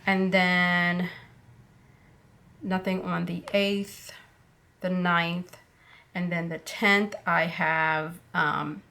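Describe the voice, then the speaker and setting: A woman chats her way through a planner at a relaxed, slow pace. Her voice sits low with a gravelly edge, and she thinks aloud, pausing on fillers as she goes. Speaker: planner vlogger. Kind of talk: casual budget planner walkthrough.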